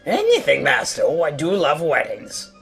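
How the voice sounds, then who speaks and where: A man voicing a fawning male genie servant in a fan reading of a game, with a high, sing-song, camp delivery. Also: wildly swooping pitch, moderate pace, soft background music, heavily acted.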